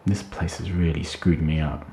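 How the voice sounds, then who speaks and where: A man's voice: low-pitched, fairly even intonation, moderate pace, vocal fry, dark tone, a little hiss or hum. A man voicing an emotional young woman who pleads and cries out. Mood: troubled. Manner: pleading, crying out. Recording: roomy echo.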